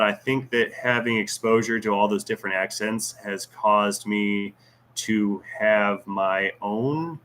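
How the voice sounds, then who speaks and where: A man's voice: on the low side, bright, forceful tone, a little hiss or hum. A man hosting a casual livestream Q&A, reading viewer comments aloud with jokes, teasing and rambling asides. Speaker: YouTube channel host.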